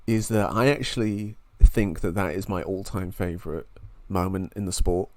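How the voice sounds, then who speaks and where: A man's voice: low voice, normal speed, no room sound. A man co-hosting a sports podcast in casual chat, enthusiastic and openly emotional. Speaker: podcast co-host.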